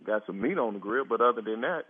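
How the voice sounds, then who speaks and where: A man's voice: on the low side, expressive, fast talker, breathy edge, no room sound. A man on a phone call who refuses a stranger's request, exasperated and breaking into disbelieving laughter. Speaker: prank call target. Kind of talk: phone conversation. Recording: tinny phone line.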